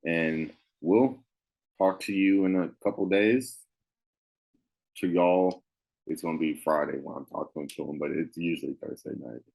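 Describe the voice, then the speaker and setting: Deep-voiced man chatting football. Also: a little slow, gravelly, darkish tone, poor audio. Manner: loose, rambling, many fillers. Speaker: podcast co-host. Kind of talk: casual sports chat.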